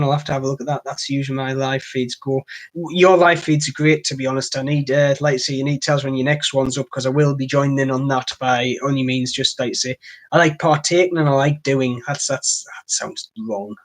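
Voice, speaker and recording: A man from North East England with a Durham accent, hosting a casual live stream from home and rambling along with "like I say". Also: medium pitch. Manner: rambling, chatty, keeps saying "like I say". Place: home, next to his computer.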